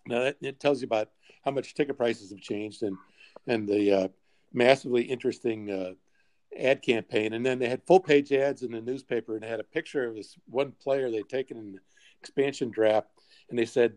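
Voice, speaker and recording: An older man in his sixties, a podcast guest telling lively anecdotes with frequent chuckles. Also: medium pitch, normal speed, no echo. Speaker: podcast guest, sports executive. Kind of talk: storytelling interview.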